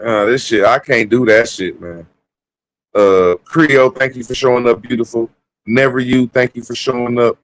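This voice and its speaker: A man's voice: medium pitch, normal speed, no room sound, rough recording. A man hosting a live stream panel, ranting in an exasperated, profane way and calling listeners "bro" and "man.". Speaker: stream host. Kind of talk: heated livestream debate.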